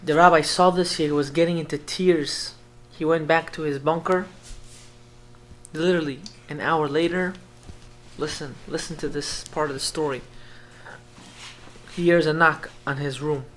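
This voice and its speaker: A man, a rabbi, telling a story in an emotional sermon. He swings from hushed tones to loud, urgent speech and repeats phrases for emphasis. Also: fairly high pitch, steady tone, unhurried, long pauses, a little hiss or hum. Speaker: rabbi giving an inspirational talk.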